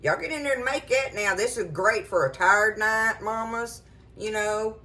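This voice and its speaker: A woman's voice: mid-range voice, normal speed, sharp tone. A middle-aged woman, chatting casually to viewers about cooking in her home kitchen. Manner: folksy and chatty, addresses viewers as y'all. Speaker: cooking show host.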